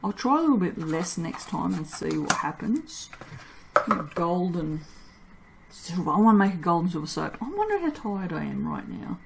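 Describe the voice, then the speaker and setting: A woman's voice: lowish voice, very animated, moderate pace, creaky, noisy background. A woman chatting casually while making and cutting soap, tired and self-mocking, laughing often. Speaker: soap maker. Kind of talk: casual vlog chat while working.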